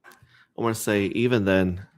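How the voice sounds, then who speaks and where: A man with a lowish voice talks casually on a livestream. He rambles, jokes, and reads chat names aloud one after another. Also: fairly even intonation, unhurried. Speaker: crypto livestreamer.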